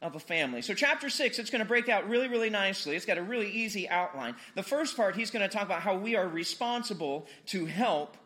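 A man's voice: high voice, lively intonation, fast, few pauses, sharp tone. A man preaching a casual, conversational sermon, joking with the congregation and repeating words for emphasis. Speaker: pastor.

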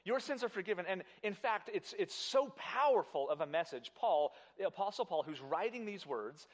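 A pastor preaching a sermon at a church service, emphatic and animated, often repeating words and speaking straight to the congregation. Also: male voice, high voice, normal speed.

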